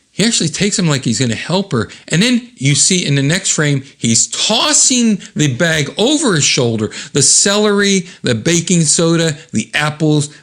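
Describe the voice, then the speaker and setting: A man hosting a show, reading a comic book aloud with commentary, jumping into high character voices and chuckling at the jokes. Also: a bit bright. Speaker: host.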